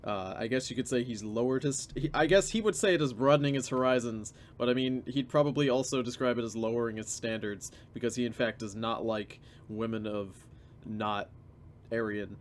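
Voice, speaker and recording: A man's voice: medium pitch, brisk, a little hiss or hum. Sardonic man doing reaction commentary. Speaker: commentary host.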